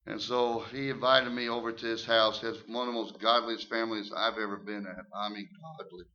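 An older man preaching his testimony in church, emphatic and folksy, repeating words and swinging from hushed tones to loud shouts. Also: lowish voice, level tone, fairly quick. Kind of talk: sermon testimony. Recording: muffled lo-fi recording.

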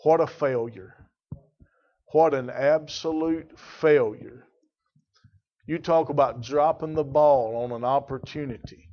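A man's voice: a little high, dull audio. A man preaching a sermon, stressing words and calling on members of the congregation by name. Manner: emphatic preaching with rising volume and drawn-out stresses. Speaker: pastor.

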